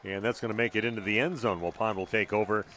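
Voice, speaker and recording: A man calling a high school football game live on radio as the play-by-play announcer, talking loosely with frequent "uh" fillers. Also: steady tone, quick pace, fairly bright tone.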